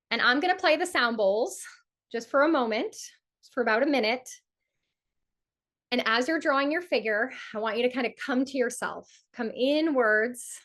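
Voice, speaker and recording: A woman astrologer leading a live community event, teaching in a lively way and acting out inner voices with repeated phrases for emphasis. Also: high voice. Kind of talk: energetic teaching talk with guided ritual.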